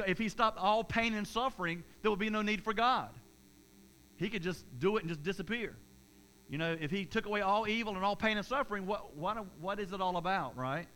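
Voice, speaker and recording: High, bright-voiced male pastor preaching. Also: slight background noise, low-quality recording. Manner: repetitive, stammering restarts, conversational preaching. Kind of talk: sermon. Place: church service before a congregation.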